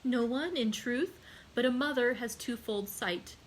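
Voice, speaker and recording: A woman's voice: on the high side, measured pace, a little hiss or hum, voice pushed up, close to an everyday voice, poor audio. A woman reading aloud and voicing a despairing noblewoman and mother who pleads passionately for her son. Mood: pleading. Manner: pleading, raised and impassioned.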